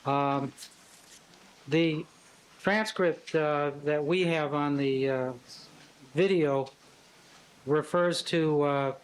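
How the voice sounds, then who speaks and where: A man questioning a witness in court, measured and halting with many fillers. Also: on the high side, fairly even intonation, smooth, low-quality recording. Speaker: trial attorney.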